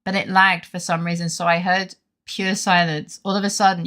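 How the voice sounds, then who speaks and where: A woman's voice: on the low side, little pitch movement, moderate pace, hardly any pauses, fairly bright tone. A woman streamer in casual live-stream chat, giggly and chatty and swearing freely.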